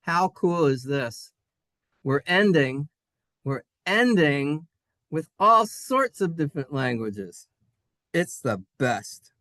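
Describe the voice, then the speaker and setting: Slow, playful male Hebrew teacher. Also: a little high, big pitch swings, a bit bright, no room sound. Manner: playful, sing-song, sounds out letters slowly. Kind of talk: classroom lesson. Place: synagogue classroom.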